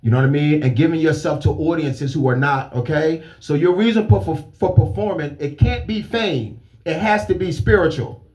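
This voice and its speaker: A man's voice: on the high side, normal speed, a little mellow. A man speaking emphatically, preaching advice with rhetorical questions to an audience. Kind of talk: motivational talk.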